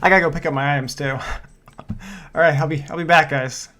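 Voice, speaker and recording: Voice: mid-range voice, steady tone, fast talker, very noisy. Shaky, breathless gamer talking to viewers. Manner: breathless, repeats exclamations, rambling. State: shaky with nerves and relief. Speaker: gaming video creator. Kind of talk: casual gameplay commentary to viewers.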